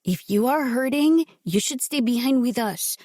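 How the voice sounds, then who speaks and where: A woman's voice: fairly high pitch, expressive, normal speed, a little mellow, no echo, clean studio sound, pitched above the performer's own voice. A woman putting on a fretful older mother. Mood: worried. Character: worried older mother, anxious and fussing.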